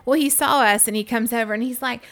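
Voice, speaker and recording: A woman's voice: a little high, fast talker. A woman co-hosting a podcast in a casual chat, telling stories and acting out the people in them. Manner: animated, acts out the voices in her stories, laughs a lot. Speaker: podcast co-host.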